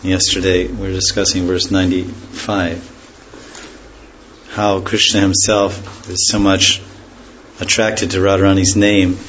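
Low-voiced man giving a devotional lecture. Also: fairly bright tone. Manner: unhurried, pauses to correct himself. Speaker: spiritual teacher. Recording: dull lo-fi recording with faint hiss.

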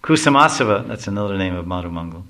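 A man reads a devotional story aloud in a bright, clear voice that is also low, expressive and quick. Now and then he breaks off for casual explanatory asides.

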